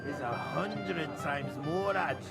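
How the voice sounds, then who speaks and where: An actor playing a rowdy, hard-drinking Moravian man with a Scottish accent, gruff, blunt and swearing, in a video game. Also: fairly high pitch, slow pace, over loud music.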